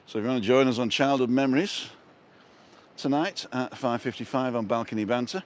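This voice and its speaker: A man's voice: mid-range voice, brisk. A middle-aged man with a Manchester accent, chatting casually and rambling through asides while filming on a seaside walkway. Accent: Manchester English. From North West England. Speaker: vlogger. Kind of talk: casual walking vlog.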